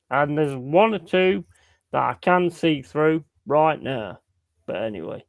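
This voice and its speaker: A man's voice: a little high, animated, a little slow, creaky, no echo. A man hosting a casual chat, blunt and swearing freely. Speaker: host.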